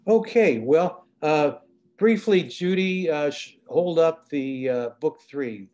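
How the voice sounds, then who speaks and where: A man, an author, giving a talk and reading from his novel in a conversational, halting way. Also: a little high, expressive, a little mellow. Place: event hall.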